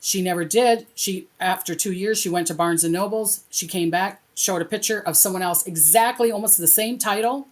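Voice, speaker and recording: A middle-aged woman, a spiritual reader, telling personal stories in a casual, animated way and acting out the voices of people she quotes. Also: moderate pace, hardly any pauses. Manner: animated, acts out quoted dialogue with lively pitch jumps. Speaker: interview guest, spiritual reader. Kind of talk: casual conversational storytelling.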